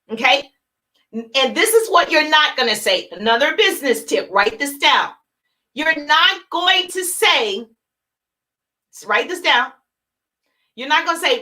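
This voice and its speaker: High, bright, energetic woman coach. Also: low-quality recording. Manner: energetic and emphatic, repeats key points; acts out sample phone calls in a chipper voice. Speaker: business coach. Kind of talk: live-streamed coaching talk.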